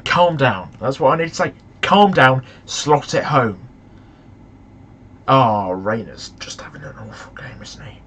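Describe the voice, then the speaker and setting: A young man commentating on a football management game, excitable and shouting at the match in frustration. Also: a little high, slight background noise. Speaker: gaming YouTuber.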